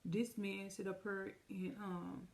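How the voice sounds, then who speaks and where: A woman's voice: mid-range voice, little pitch movement, slow pace, creaky, darkish tone. A woman telling a personal story on a casual storytime vlog, chatty and speaking straight to her viewers, acting out the lines of the people in it. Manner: chatty, addresses viewers directly; vivid retelling with quoted dialogue. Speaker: storytime vlogger.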